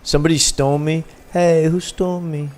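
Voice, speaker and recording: This livestream host plays a game while chatting loosely with viewers in a laid-back way. His fairly high voice barely moves in pitch, runs a little fast, and has a darkish tone.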